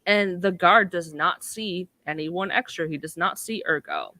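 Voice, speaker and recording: A woman's voice: lowish voice, a little slow, sharp tone. A woman co-hosting a podcast, recapping a TV episode in a chatty, filler-heavy way. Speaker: podcast co-host. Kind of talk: casual recap chat.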